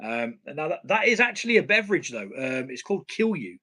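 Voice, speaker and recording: A man's voice: fairly high pitch, very animated, brisk, sharp tone. A man with a British accent hosting a casual home brewing live stream, blunt and swearing casually, laughing at himself. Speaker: home brewing channel host.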